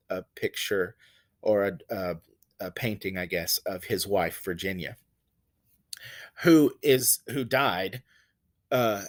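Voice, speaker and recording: A man teaching a recorded lesson on poetry in a conversational way, with fillers and self-corrections, who reads verses slowly to stress their vowel sounds. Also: on the low side.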